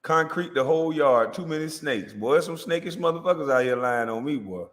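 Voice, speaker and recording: A boastful man rants on a comedic livestream, cursing and laughing as he goes. His voice sits a little high and swings widely in pitch. The room around him rings with long reverb. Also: lively intonation, a little fast. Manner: boastful, profane, laughing often. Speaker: livestream host.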